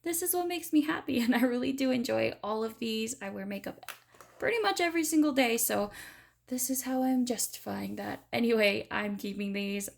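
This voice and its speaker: A woman's voice: fairly high pitch, moderate pace, gravelly, a little hiss or hum. A woman giving a chatty, enthusiastic beauty product review in a casual vlog. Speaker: beauty vlogger.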